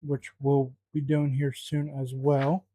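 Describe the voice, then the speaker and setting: A man's voice: medium pitch, little pitch movement, slow pace, warm tone, slight background noise. A man cooking at home, talking to himself in a flustered, muttering way and swearing often. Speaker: home cook vlogger. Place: home kitchen.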